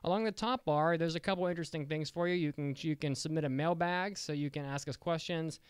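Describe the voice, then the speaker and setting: A man's voice: on the high side, brisk, clear, resonant tone, dry recording, studio quality. A man hosting a casual podcast, upbeat and joking, rambling with restarts. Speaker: podcast host.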